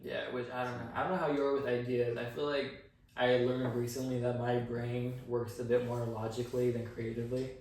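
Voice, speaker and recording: A man's voice: medium pitch, little pitch movement, a little fast, a little mellow. A man co-hosting a casual podcast chat, ranting with constant swearing. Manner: profane, ranting, heavy swearing. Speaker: podcast co-host. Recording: echoey room, distant mic, faint noise.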